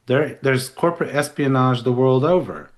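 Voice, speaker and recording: A man with a mid-range voice co-hosts a podcast at normal speed. His casual, analytical chat rambles loosely, full of restarts and asides.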